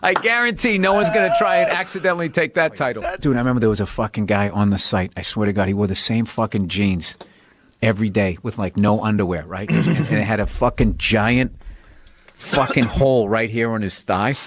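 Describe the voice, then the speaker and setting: A man's voice: lowish voice, brisk. A man hosting a casual podcast chat, swearing freely and laughing through his stories. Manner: profane, storytelling, laughs a lot. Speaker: podcast host.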